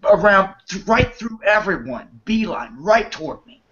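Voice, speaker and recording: Guy on a podcast telling his story, higher pitched, blunt and fired up, dull lo-fi recording. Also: big pitch swings, moderate pace, a bit bright. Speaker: podcast guest. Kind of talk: casual chat, recounting events. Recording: muffled lo-fi podcast audio.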